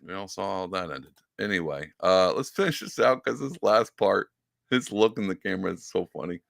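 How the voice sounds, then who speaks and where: A man's voice: deep voice, normal speed, gravelly, dry recording. A man hosting a podcast, reacting to a clip in casual commentary with mocking impressions. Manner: animated, mocking impressions, lots of fillers. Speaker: podcast host.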